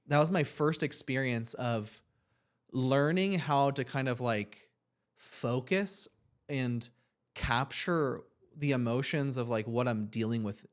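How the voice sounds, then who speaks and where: A young man co-hosts a casual podcast and tells a long personal story. He talks in an earnest, reflective, rambling way and leans on "like" as filler. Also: mid-range voice. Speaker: podcast co-host.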